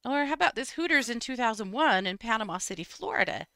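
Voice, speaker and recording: Female co-host, bright, dry sound, wry storyteller, casual chat. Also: fairly high pitch, expressive, fast talker, gravelly, dry recording. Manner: storytelling, wry, frequent "mm-hmm". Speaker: podcast co-host. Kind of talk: casual true crime chat.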